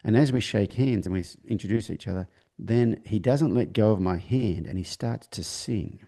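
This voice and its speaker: A man, a horse trainer and interview guest, telling a long personal story in conversation with a halting delivery, many restarts and acted-out dialogue. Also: lowish voice, dark tone.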